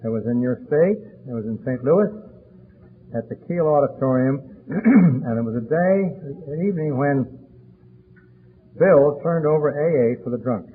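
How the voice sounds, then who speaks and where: A man in his eighties speaking to a recovery meeting, telling a story with a chatty, deliberate manner and frequent fillers. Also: medium pitch, animated, slight background noise. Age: 80s. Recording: tinny phone-like old tape recording.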